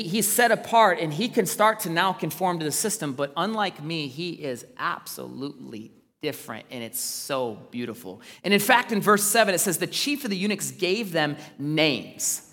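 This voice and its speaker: A man preaching a sermon, earnest, swinging between loud emphasis and quiet asides. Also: fairly high pitch, long reverb tail. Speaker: pastor.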